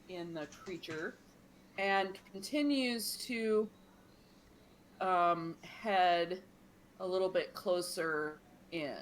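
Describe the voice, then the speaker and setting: A woman describes her character's actions at a tabletop game, slowly and with many ums. Her voice sits at a middle pitch. A faint hiss runs underneath. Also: a bit bright. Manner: hesitant, lots of ums. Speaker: player. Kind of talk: casual tabletop play, narrating her character.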